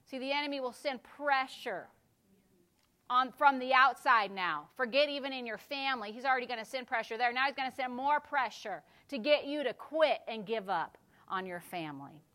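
A woman pastor delivers a sermon in a bright, somewhat high voice. She moves between soft, hushed passages and loud, fervent exhortation, with an edge of tension in her tone. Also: expressive, normal speed.

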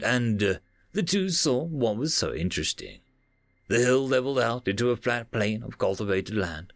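Brief: gravelly male narrator, dramatic and animated, dry close sound. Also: medium pitch, no room sound. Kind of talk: storytelling narration.

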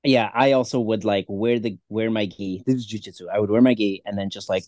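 A man co-hosting a podcast, chatting casually in a fast, profane, rambling way. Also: on the low side, steady tone, darkish tone, dry recording, clean studio sound. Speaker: podcast co-host. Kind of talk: casual chat.

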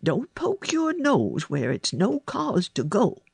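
A gruff old gardener in a storybook, stern and plain-spoken, his words drawn out slowly, as a woman reads him. The voice has a gravelly, husky edge and sounds close and dry. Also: medium pitch, wildly swooping pitch, no echo, pitched above the performer's own voice, full character voice. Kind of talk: storybook reading.

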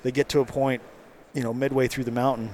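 A man's voice: medium pitch, fast, a little hiss or hum. A man telling a long hunting story about his son in a casual conversation, acting out the dialogue as he goes. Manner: animated storytelling, acts out quoted dialogue. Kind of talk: casual chat.

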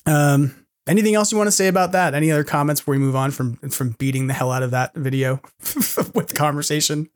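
A man's voice: a little high, fairly even intonation, fast. Rambling man hosting a podcast. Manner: rambling, self-deprecating, laughs often. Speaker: podcast host. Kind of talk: casual podcast chat.

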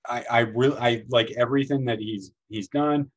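A man chats about films on a podcast, rambling and full of restarts. His voice sits at a middle pitch, and he bursts into raised, excited voices when he quotes scenes. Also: moderate pace, lo-fi sound. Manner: rambling, animated, acts out movie lines in high voices. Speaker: podcast host. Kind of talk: casual film discussion.

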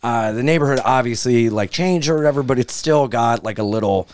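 A man chatting as a guest on a podcast, telling animated stories and acting out the other people in them. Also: mid-range voice, a little fast, clean tone. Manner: animated storyteller who acts out other people's lines. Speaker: guest comedian. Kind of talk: casual podcast chat.

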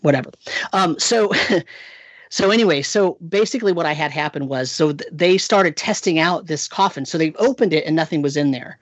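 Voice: medium pitch, normal speed, no room sound. A game master recounting a tabletop session in casual chat, rambling with frequent restarts and "right?" tag questions.

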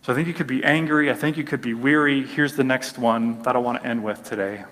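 A man's voice: medium pitch, fairly even intonation, fast, fairly bright tone, in a large hall. A man preaching a sermon in a casual, conversational way. He fills his talk with "like" and briefly acts out the people in his stories. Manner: conversational, uses many "like" fillers and acts out little quoted voices. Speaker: pastor.

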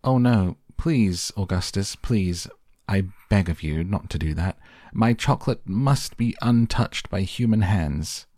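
A man voicing an excitable, eccentric male chocolate maker in a storybook reading, with a fussy, pleading manner. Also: deep voice, measured pace, husky, dry recording, studio quality, exaggerated voice.

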